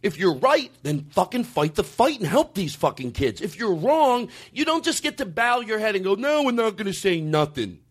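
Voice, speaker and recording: A man hosting a comedy podcast, ranting emphatically and with profanity, swinging from calm explaining to shouting. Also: high voice, normal speed, few pauses, husky. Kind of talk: comedic rant.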